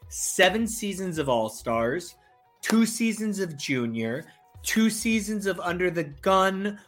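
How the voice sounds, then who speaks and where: A man with a bright, ringing voice hosting a casual podcast over a call. He talks in excited bursts full of fillers and quips. Soft music sits underneath. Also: high voice. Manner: excitable, many fillers, joking. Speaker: podcast host. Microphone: remote call.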